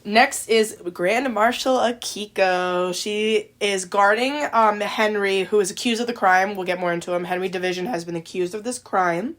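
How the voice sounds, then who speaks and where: A woman's voice: medium pitch, normal speed, hardly any pauses, fairly bright tone. Chatty woman podcast co-host. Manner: chatty, heavy use of "like". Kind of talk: casual chat about a video game.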